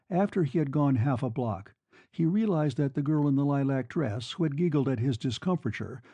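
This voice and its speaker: A man reads a classic novel aloud at an unhurried pace, his voice mellow and dark in tone at a middle pitch. It is recorded dry and close, with no room sound around it. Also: dry recording. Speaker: audiobook narrator. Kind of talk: scripted narration of a classic novel.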